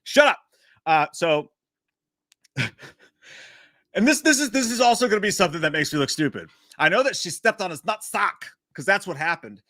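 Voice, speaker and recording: Animated, bright-voiced male livestream host. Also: high voice, moderate pace, long pauses, dry recording, clean studio sound. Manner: animated, profane, self-mocking jokes. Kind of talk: casual live chat about a movie.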